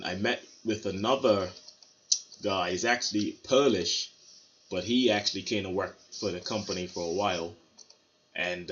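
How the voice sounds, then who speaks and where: A man's voice: deep voice, bright, forceful tone. A man from Bermuda casually telling stories to his vlog audience, rambling with many fillers and restarts. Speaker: vlogger. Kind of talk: casual storytelling to camera. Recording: slightly dull lo-fi sound with faint noise.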